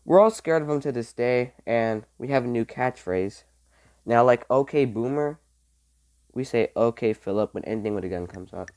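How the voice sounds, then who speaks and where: A young man vlogging, telling a school story in a casual, animated way, swearing and saying "like" a lot. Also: medium pitch, moderate pace, clean tone. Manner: animated, swears, heavy use of "like".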